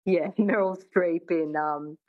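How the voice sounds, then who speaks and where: A woman's voice: on the low side, steady tone, slow pace, phone-quality sound. A woman working as a coach, chatting in an interview with lots of "I mean" restarts. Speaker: accent coach. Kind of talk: casual interview chat.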